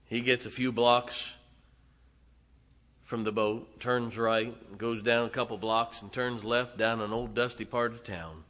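A male preacher delivering a sermon, retelling a story dramatically with sudden loud swells and hushed drops. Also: mid-range voice, steady tone, a little slow.

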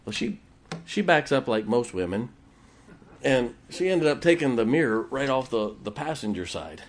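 Animated preacher with a lively swing. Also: male voice, mid-range voice, moderate pace, a little hiss or hum. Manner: animated storytelling, acts out quoted voices. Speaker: pastor. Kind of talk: sermon.

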